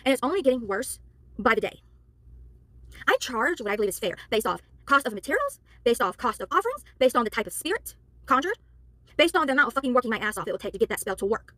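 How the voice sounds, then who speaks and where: A tired, worn-out woman who works as a spiritual worker and tarot reader, ranting to camera in a heated, exasperated way and apologizing for yelling. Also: fairly high pitch, very animated, very fast, dry recording.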